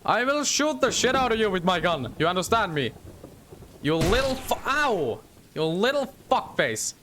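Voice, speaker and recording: A man's voice: high voice, sing-song, moderate pace, fairly bright tone, a little hiss or hum. Swearing man gaming with commentary. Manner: swearing a lot, laughs often. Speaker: gamer. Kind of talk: let's-play commentary.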